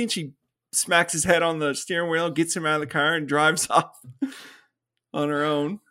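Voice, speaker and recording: His voice sits on the high side with fairly even intonation, normal speed, and a bright, forceful tone. The man co-hosts a podcast, recapping a film's plot in casual review chat while acting out lines and laughing often.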